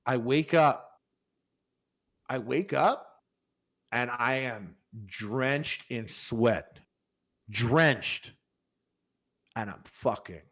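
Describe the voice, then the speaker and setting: A man's voice: medium pitch, extremely slow, long pauses, a bit bright. A man telling a long, rambling story on a podcast in casual chat, swearing freely and full of fillers. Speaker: podcast panelist.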